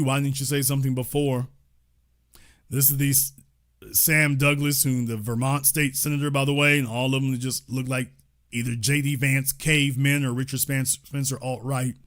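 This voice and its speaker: A man's voice: medium pitch, level tone, moderate pace, fairly bright tone. A man hosting online political commentary, reading news quotes aloud and adding incredulous, sarcastic asides.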